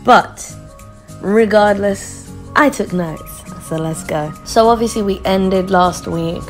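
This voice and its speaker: A woman casually recapping a TV episode, chatty and quick to laugh, mimicking the people she quotes. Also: medium pitch, soft background music. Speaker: vlogger reviewing a TV show.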